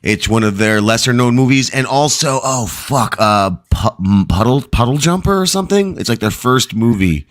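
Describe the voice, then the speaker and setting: A man's voice: mid-range voice, animated, moderate pace, few pauses. A man hosting a livestream podcast, rambling in playful, self-deprecating casual chat. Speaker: podcast host.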